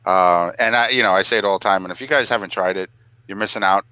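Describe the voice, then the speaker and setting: A man's voice: quick pace, pushed and bright, clean tone, dry recording, low-quality recording. A man co-hosting a casual talk show, joking through a sponsor read in a playful, mock-emotional manner. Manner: jokey, mock-emotional, voice jumping high when clowning. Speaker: podcast co-host reading a sponsor ad.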